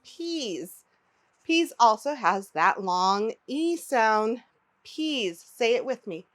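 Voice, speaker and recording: A woman with a fairly high voice teaching phonics to small children. She speaks slowly and articulates every word with care. She repeats each word and asks the listener to say it with her. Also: very animated. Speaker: early-learning teacher. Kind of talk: slow, clearly enunciated phonics lesson for young children.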